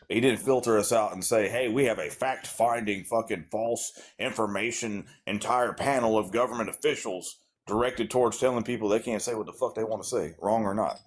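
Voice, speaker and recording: A man with a Southern drawl and a fairly low voice argues on a live stream. He swears freely and jabs at the host, talking loosely and casually. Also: husky. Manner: profane, mocking, drawling. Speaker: caller debating the host. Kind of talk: heated casual debate.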